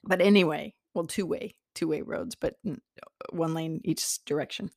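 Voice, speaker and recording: A woman's voice: low-pitched, normal speed, creaky, darkish tone, no echo, clean studio sound. A middle-aged woman talking in a chatty teaching style, laughing often and restarting her sentences. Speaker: spiritual teacher. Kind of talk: casual teaching talk.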